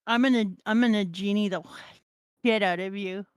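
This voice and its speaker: A woman's voice: medium pitch, normal speed, smooth, no room sound, clean studio sound. A woman co-hosting a live stream, chatting casually in a blunt, teasing way and swearing playfully. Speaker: co-host.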